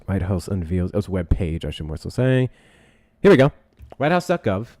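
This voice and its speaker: A young man with a slightly low voice hosts a live stream in a casual, profane, sarcastic way. He reads text aloud and breaks off to react and talk to his chat. Now and then he turns away from his desk mic, and his voice drops and grows distant. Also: very animated, a little fast, a little mellow.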